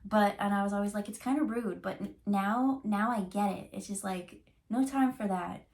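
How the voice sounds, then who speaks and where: A woman's voice: medium pitch, moderate pace, a little mellow. A woman giving a casual tarot reading, talking in a chatty, rambling way full of fillers and restarts. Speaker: tarot reader.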